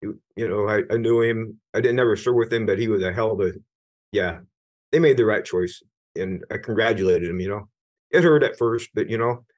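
A man's voice: on the low side, brisk, darkish tone. A middle-aged American man, a retired Navy senior chief, telling his own story candidly in an interview, earnest and at times emphatic, with frequent restarts. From United States.

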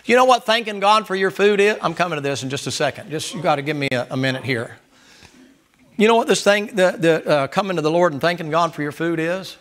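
High, bright-voiced preacher man. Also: lively intonation, fast. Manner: loud, emphatic, hollering at times. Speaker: pastor. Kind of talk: sermon.

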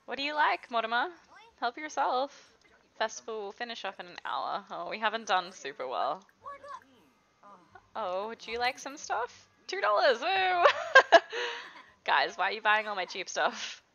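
Young female let's-play host, lively up-and-down delivery, bright edge, slightly dull lo-fi mic. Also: mid-range voice, moderate pace, vocal fry. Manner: chatty, giggly, talks to her game characters. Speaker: gaming video host. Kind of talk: casual let's-play commentary.

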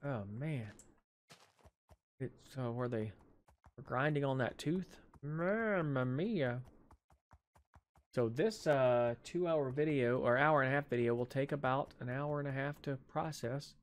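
A gaming channel host gives casual let's play commentary, talking to himself and to the on-screen animals as he plays, his jaw sore from dental work. His mid-range voice is steady in tone and unhurried.

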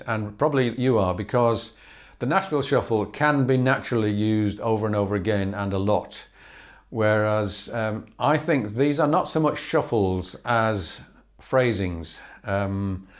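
Man teaching fiddle bowing, thinking aloud. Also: fairly low pitch. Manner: thinking aloud with frequent ums, sings bowing rhythms as syllables. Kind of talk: relaxed instructional talk.

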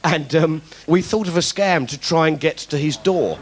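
A man's voice: on the high side, moderate pace, a little hiss or hum. A man doing stand-up political comedy, ranting in mock indignation with plenty of swearing. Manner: acts out other people's voices.

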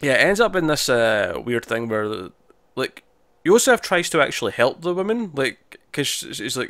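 A man's voice: medium pitch, big pitch swings, normal speed, a bit bright, dry recording. A man co-hosting a casual review podcast, recorded dry and close with no room sound. He rambles through the plot, restarting sentences and voicing characters' lines as he goes. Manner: rambling recap with many restarts and quoted asides. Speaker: podcast co-host.

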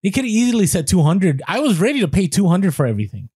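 A man co-hosting a podcast, telling an animated story with quoted voices and many restarts. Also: high voice, fast, slightly rough, no room sound. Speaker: podcast co-host.

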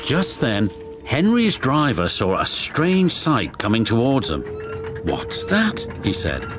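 A man reading a children's story aloud, slow and expressive. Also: mid-range voice. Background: music.

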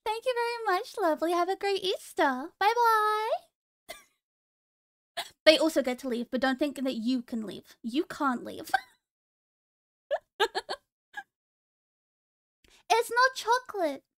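A young woman streams and chats with her viewers in a playful, teasing tone, breaking into giggles often. Her voice sits very high. The sound is dry and close, with no room around it. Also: sing-song, takes it slowly, long pauses, fairly bright tone, dry recording. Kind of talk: casual stream chat.

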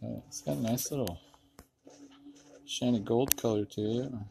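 A man's voice: mid-range voice, normal speed, gravelly. A man vlogging outdoors while metal detecting, talking casually and bursting into awed exclamations over his finds. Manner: excitable, breaks into awed exclamations. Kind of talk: casual vlog narration.

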